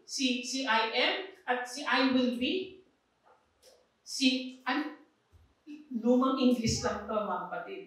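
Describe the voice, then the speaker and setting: Filipino woman preaching in an echoing hall. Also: sits high. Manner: emphatic, repeats phrases, mixes in English. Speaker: pastor. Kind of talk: sermon. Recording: echoey hall, voice far from mic.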